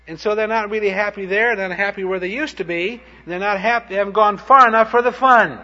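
A man's voice: sits high, a little fast, few pauses, sharp tone. A man preaching a sermon, telling short anecdotes in a plain-spoken, punchy way. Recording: dull lo-fi recording.

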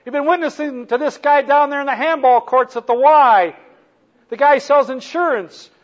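A man preaching a sermon as a story, animated, moving from soft to loud. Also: very high-pitched, moderate pace, highs cut off.

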